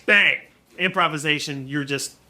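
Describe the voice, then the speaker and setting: Male podcast guest, forties, animated storyteller; bright, forceful tone. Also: on the high side, normal speed. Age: 40s. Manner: animated, acts out quotes, many restarts. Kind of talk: casual storytelling.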